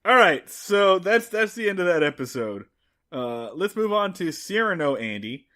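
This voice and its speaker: A man co-hosting a comedy podcast, excitable and stumbling over repeated words in casual chat. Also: high voice, moderate pace. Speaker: podcast co-host.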